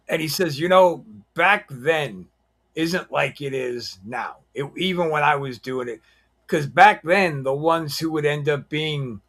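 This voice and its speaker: A man co-hosting a casual podcast, telling anecdotes bluntly and acting out the quotes. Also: medium pitch. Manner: animated anecdote teller, acts out quotes, blunt. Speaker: podcast co-host. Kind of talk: casual chat.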